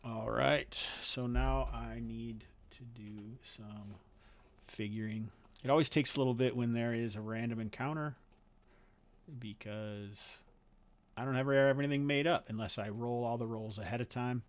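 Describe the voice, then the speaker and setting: A man narrating as game master of a tabletop game, thinking aloud with frequent pauses and fillers. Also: medium pitch, steady tone.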